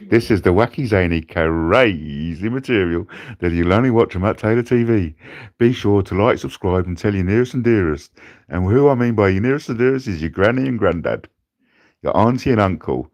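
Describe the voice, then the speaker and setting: Brash British livestream host, low voice with big swoops, crude and swearing. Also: male voice, very animated, moderate pace, creaky. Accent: British English. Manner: crude, jokey, swears freely, wild pitch swings. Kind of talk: rambling livestream chat. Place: in bed at home.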